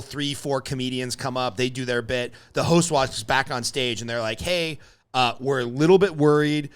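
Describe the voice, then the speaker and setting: A man's voice: mid-range voice, fairly bright tone, smooth. A man hosting a podcast, telling a story in casual chat, acting out quotes and swearing freely. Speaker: podcast host.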